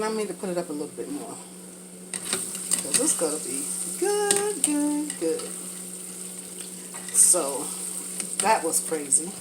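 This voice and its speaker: A woman's voice: fairly low pitch, noisy background. A woman talking casually and frankly while cooking for a vlog, rambling from thought to thought, a little congested from a sinus infection. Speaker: vlogger.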